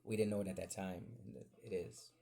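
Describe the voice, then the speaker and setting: A man's voice: low-pitched, a little fast, creaky. A man hosting a podcast, telling a rambling childhood story in casual chat, acting out the people he quotes. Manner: rambling, animated, acts out voices in quotes. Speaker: podcast host.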